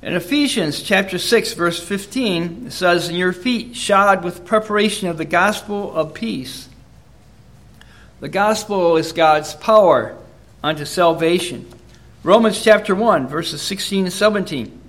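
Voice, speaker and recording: A man preaching a sermon in a measured, earnest way, reading Bible verses aloud between his own points. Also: sits high, a bit bright. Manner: measured, earnest, reads verses in King James wording.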